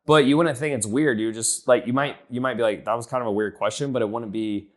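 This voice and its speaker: A man's voice: mid-range voice, fast talker. A young man giving blunt, casual coaching on sales, swearing easily and acting out text messages in a lifted voice. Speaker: business coach.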